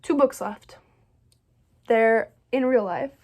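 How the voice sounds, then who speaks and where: Bubbly gushing woman, slightly high voice. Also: takes it slowly. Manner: gushing and bubbly, many "like"s and "so good"s; rambling, restarts her sentences. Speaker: book vlogger. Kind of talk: casual reading wrap-up chat.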